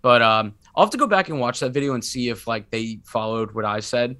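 A man's voice: medium pitch, a little fast, pushed and bright. A man who is sick, co-hosting a sports podcast in casual chat, rambling and self-mocking with many restarts. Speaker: podcast co-host.

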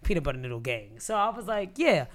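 A woman from New City, a podcast guest telling a story in slangy, profane, animated talk full of quoted dialogue. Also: sits low, quick pace. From New York City.

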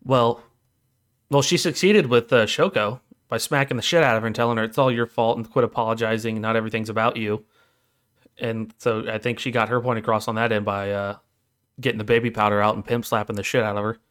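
A man co-hosting a podcast in casual chat, profane and retelling scenes with quick acted quotes. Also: fairly low pitch, steady tone, a bit bright. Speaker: podcast co-host.

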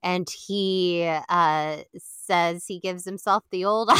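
Bright-voiced woman laughing through a recap. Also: mid-range voice, measured pace, clean tone, no room sound, clean studio sound. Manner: animated storytelling, acts out quotes, laughs often. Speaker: podcast co-host. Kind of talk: casual recap chat.

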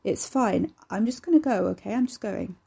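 A woman voicing a shaken young woman who talks softly and nervously. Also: medium pitch, animated, moderate pace, vocal fry, breathy edge. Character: young woman, shaken but calm-sounding.

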